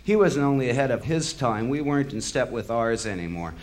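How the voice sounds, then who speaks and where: A medium-pitched man with lively intonation talks briskly in an impassioned, sardonic spoken-word rant. Bitter and profane, he grows heated until he breaks into angry outbursts.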